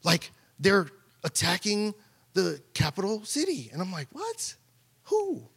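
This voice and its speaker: A man preaching a sermon in a high, bright voice. He talks in a candid, conversational way, circling back and restarting his sentences as he shares his own struggles with the congregation. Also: measured pace, creaky, slightly rough. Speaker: pastor.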